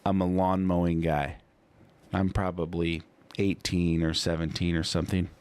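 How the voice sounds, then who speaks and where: A man with a lowish voice talks casually into a studio mic, co-hosting a podcast. He tells his story in a loose, rambling way, piling on "you know" and reenacting what he said. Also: flat delivery, normal speed, darkish tone, clean tone, no room sound. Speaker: podcast co-host.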